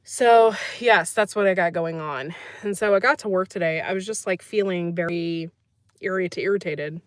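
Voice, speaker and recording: A woman's voice: fairly low pitch, moderate pace, dry recording. A woman hosting a casual livestream, chatting, laughing often and reading out comments from the chat. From United States. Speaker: livestream host.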